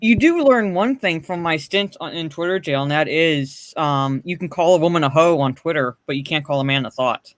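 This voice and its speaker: A man's voice: on the high side, moderate pace, few pauses, no room sound. A man co-hosting a casual podcast, teasing and giggling as he chats. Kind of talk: casual joking chat.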